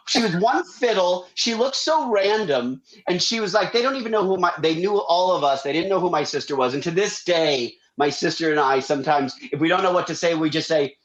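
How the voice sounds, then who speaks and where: As a talk show guest, a man casually and energetically narrates a long story about his family, doing the voices of its characters. His high voice moves at normal speed with few pauses, and the recording has its highs cut off.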